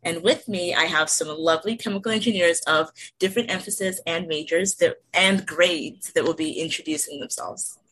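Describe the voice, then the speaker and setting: A woman's voice: fairly low pitch, normal speed, fairly bright tone, breathy edge, low-quality recording. A woman in her twenties from Delaware, moderating a student podcast in a casual, lightly scripted way. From Delaware, USA. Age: 20s.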